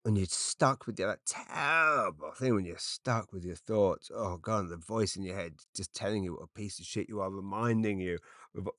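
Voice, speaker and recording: A man's voice: low voice, normal speed, fairly bright tone, dry recording, clean studio sound. A middle-aged man from Britain, a comedian rambling through an unscripted solo podcast with lots of fillers and restarts, self-deprecating.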